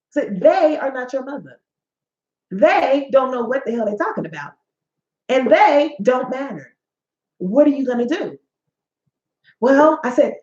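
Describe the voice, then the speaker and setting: A woman's voice: high voice, expressive, moderate pace, a little mellow. A woman in her forties, a life coach and host, giving a preachy motivational talk that is full of stories. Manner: sassy, preachy, tells stories with acted-out quotes. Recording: echoey, dull-sounding room.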